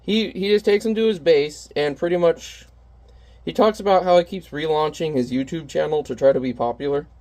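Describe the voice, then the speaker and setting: A man's voice: on the high side, a little fast, a little mellow. A man who is a parent, chatting casually and candidly while painting on camera, rambling and self-deprecating. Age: adult parent.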